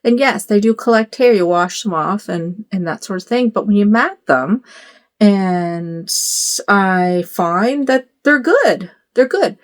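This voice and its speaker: A middle-aged woman talks casually to her phone camera from a bedroom at home. She rambles and wanders off on little asides, with plenty of fillers. Her voice sits at an average pitch. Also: animated, slow. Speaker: doll collector vlogger.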